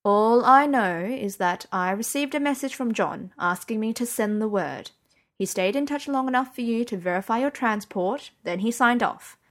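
A woman reading the lines of a guarded, formal middle-aged man in an audiobook, slow and measured. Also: a little high, expressive, natural voice.

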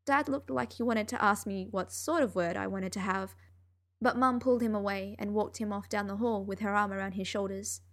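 A woman reading a first-person story aloud in an expressive, emotional way. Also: mid-range voice, a little fast. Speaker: audiobook narrator.

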